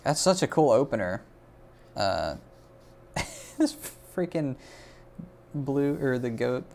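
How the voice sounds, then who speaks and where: Excitable male stream host, lively swings in pitch, slight hiss behind him. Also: slow pace, vocal fry. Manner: excitable, gushing, jokey. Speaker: host of a portfolio review stream. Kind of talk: casual livestream chat.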